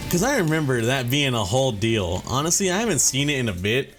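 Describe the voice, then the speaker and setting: A medium-pitched man with a sing-song lilt talks fairly quickly while hosting a gaming let's play. His rambling is full of casual cursing, filler words and jokey, mock-serious swagger, with game music faintly in the background.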